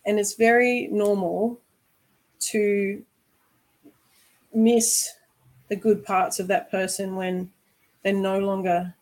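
A woman's voice: medium pitch, level tone, takes it slowly, long pauses, darkish tone, poor audio. A woman hosting a candid conversation, earnest and reflective, often asking "right?". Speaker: host.

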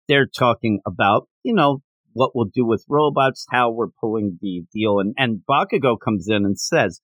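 A man's voice: mid-range voice, lively intonation, normal speed, fairly bright tone, dry recording. A man hosting a podcast, chatting casually and animatedly as he retells comic scenes. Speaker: podcast host. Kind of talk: casual chat reviewing a comic.

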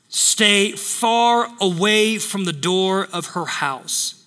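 Emphatic high-voiced preacher man. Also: takes it slowly, hardly any pauses, pushed and bright, in a large hall. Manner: emphatic, repeats phrases for effect. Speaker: pastor. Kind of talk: sermon.

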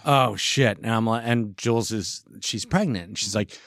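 A man in his thirties telling a profane, animated story in casual chat. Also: lowish voice, moderate pace, no room sound, studio quality. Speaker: podcast guest.

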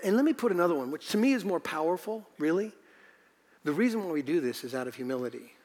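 A male pastor preaching a sermon in a church, emphatic and repeating phrases for stress. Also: a little high. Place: church sanctuary. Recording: long reverb in a hall.

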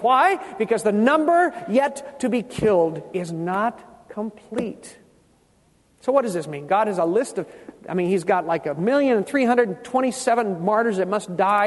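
A man preaching a sermon, quizzing his congregation with questions and repeating key words slowly for emphasis. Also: high voice, expressive, big-room sound.

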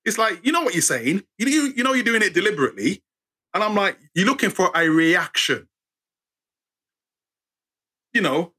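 Animated husky British man storytelling. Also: high voice. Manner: expressive, acts out voices, sarcastic wit. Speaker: guest storyteller.

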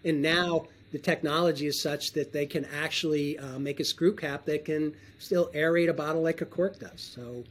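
Higher-voiced man, throat-clearing guest. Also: moderate pace, few pauses. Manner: relaxed, often clears his throat. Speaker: wine trade guest. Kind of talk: casual interview talk.

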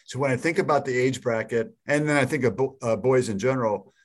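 A man's voice: medium pitch, brisk. A man interviewing a guest, asking brief questions and affirming her answers.

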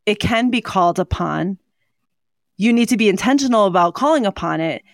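A woman's voice: medium pitch, lively intonation, a little fast, no echo. A woman co-hosting a podcast, speaking in an earnest, conversational way with frequent ums and you-knows. Her voice sits in a middle register and is recorded close and dry, with no room sound. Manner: warm, earnest, with frequent fillers. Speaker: podcast co-host. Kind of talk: casual chat on hope and mental health.

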